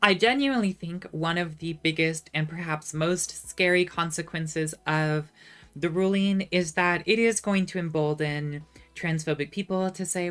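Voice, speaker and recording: A woman's voice: sits low, normal speed, fairly bright tone, clean tone. A woman chatting casually on a livestream, reading chat messages and answering with sarcastic asides. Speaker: streamer reading live chat.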